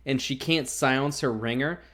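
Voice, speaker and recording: Podcast co-host, male, mid-range voice; laughs a lot, swears freely, animated casual recap. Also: mid-range voice, normal speed. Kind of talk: casual chat recapping a TV episode.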